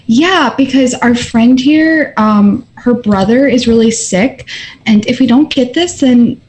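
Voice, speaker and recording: A woman's voice: fairly high pitch, slow pace, a little mellow, slight background noise. A woman playing a tabletop game in character, talking in a rambling, chatty way full of fillers. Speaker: player.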